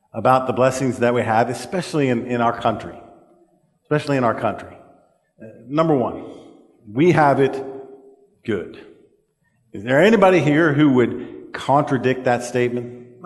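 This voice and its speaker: A man preaching a sermon in a church. He talks earnestly and haltingly, with frequent fillers, and slows down to stress key words. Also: medium pitch. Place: church sanctuary. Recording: echoey church hall.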